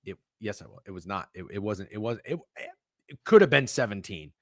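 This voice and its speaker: A man's voice: fairly low pitch, expressive, brisk, dry recording, studio quality. A man hosting a sports betting podcast, talking in casual, profane, defensive banter. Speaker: podcast host.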